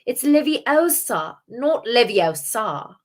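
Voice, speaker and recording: A bossy know-it-all British schoolgirl, put on by a woman, scolding primly and stretching her corrections out slowly. The voice sits well above a normal speaking pitch and is loud and insistent. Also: sing-song. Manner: prim, scolding, drawn-out corrections.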